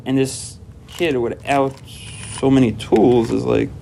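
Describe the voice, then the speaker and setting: A man who is a parent gives a personal talk at a recovery workshop. He tells stories with lively energy, acts out quoted dialogue, and often repeats himself and restarts sentences. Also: mid-range voice, normal speed, vocal fry, slight background noise. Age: adult parent. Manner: animated storytelling, acting out quoted dialogue; frequent repetitions and restarts.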